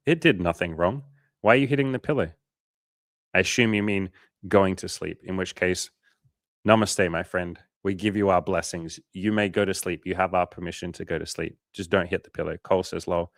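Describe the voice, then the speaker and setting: A man with a low voice hosts a casual coaching livestream, talking straight into a dry, close mic. He swears freely and slips into his clients' voices when he retells their stories. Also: a bit bright, dry recording. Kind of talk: casual livestream Q&A, reading chat.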